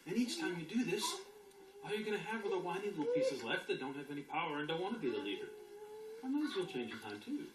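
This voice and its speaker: A spiritual teacher giving an emphatic, animated motivational talk to an audience, sometimes acting out inner voices with sudden shouts. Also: medium pitch, noisy background. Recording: roomy echo with faint ambience.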